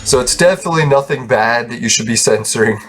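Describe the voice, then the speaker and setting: A man's voice: medium pitch, brisk, faint music behind. A man hosting a gaming channel, rambling through casual gameplay commentary, laughing often and swearing freely.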